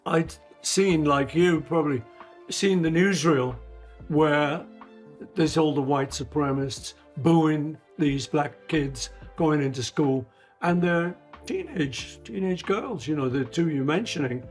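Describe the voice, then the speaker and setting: Older English man, interview anecdotes, slightly high voice, animates quoted voices. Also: fairly even intonation, unhurried, soft background music. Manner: acts out quoted voices in his stories. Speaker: musician interviewee.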